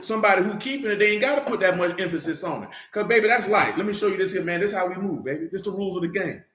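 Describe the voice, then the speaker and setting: A man's voice: high-pitched, rapid-fire, fairly bright tone, roomy sound, slight background noise. A man preaching an informal Bible teaching, fiery and slangy, hammering his points with repeated rhetorical questions.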